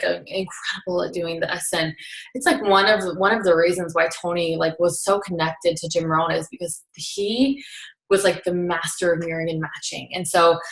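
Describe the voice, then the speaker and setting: A woman's voice: fairly low pitch, a bit bright. Chatty young woman in an echoey room. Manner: chatty, heavy use of filler "like"; earnest, coaching tone. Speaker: vlogger recapping a seminar. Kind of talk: casual chat.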